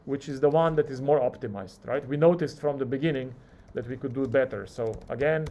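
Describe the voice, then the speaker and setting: A man teaches a live coding class, narrating every keystroke and acting out how the software responds. His voice sits in the mid range and he moves at a brisk clip.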